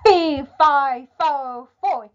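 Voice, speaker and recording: A huge, hungry giant barks his demands, as a woman teacher reads him out, loud and a little higher than you would expect for a giant. The reading is unhurried and comes through a dull, lo-fi recording. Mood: bossy.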